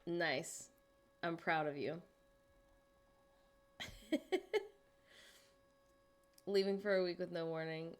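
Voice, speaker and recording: A woman's voice: lowish voice, fairly even intonation, normal speed, clean tone. A woman hosting a casual livestream from home, chatting with viewers and muttering to herself as she works. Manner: chatty, talks to herself while working on screen; greets and answers chat viewers. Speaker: livestream host.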